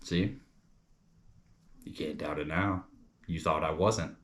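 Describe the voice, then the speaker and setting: A man's voice: rumbling low, fairly even intonation, moderate pace, fairly bright tone. A young man from New York chatting casually as a comedy reviewer, rambling and loose, calling people bro and dude.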